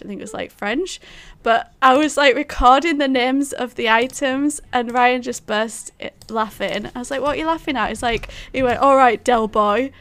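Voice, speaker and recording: A woman's voice: on the high side, fairly bright tone. A woman co-hosting a podcast, chatting and telling stories with lots of giggles. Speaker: podcast co-host. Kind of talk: casual chat.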